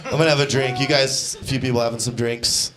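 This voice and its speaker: A young man doing a stand-up comedy set on a club stage, deadpan, now and then shouting out the lines of the people in his stories. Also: medium pitch, fast. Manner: deadpan, acts out quoted characters with shouted voices. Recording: live club set with crowd laughter. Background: audience laughter.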